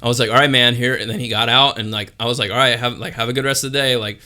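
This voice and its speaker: A man's voice: mid-range voice, very fast. A young man co-hosting a podcast, telling a story in casual, profane chat and acting out the people in it. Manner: profane, animated retelling with quoted voices. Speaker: podcast co-host.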